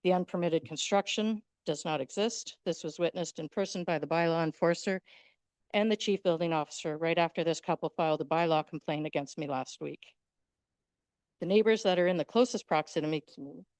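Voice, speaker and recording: Woman, lower voice, firm prepared statement at council, dry mic. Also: darkish tone, no echo. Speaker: applicant at council meeting. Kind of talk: prepared statement read aloud.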